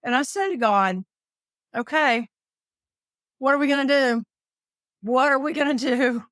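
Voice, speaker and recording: This interview guest, a woman from the southern United States who works as a caregiver and writes books, tells her story dramatically and with energy, her self-quotes popping up in high voices. Clean studio sound, no room sound.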